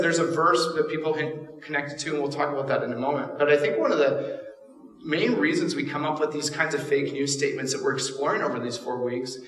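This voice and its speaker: A man's voice: fairly high pitch, a bit bright. A male pastor preaching a sermon, telling a story in a casual, humorous way. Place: church auditorium. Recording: echoey hall from far off.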